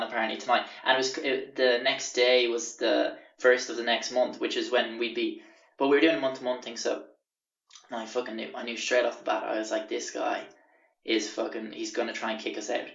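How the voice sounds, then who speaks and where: A man's voice: mid-range voice, brisk, recorded from a distance. Young man telling a profane story. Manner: profane, animated anecdote-telling. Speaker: podcast host. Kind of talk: casual storytelling. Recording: roomy, dull lo-fi recording.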